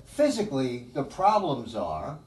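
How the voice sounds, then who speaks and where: A man's voice: medium pitch, huge pitch swings, a little slow. A man teaching a live drum lesson, rambling and thinking aloud with many fillers. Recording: echoey room, mic at a distance, background noise.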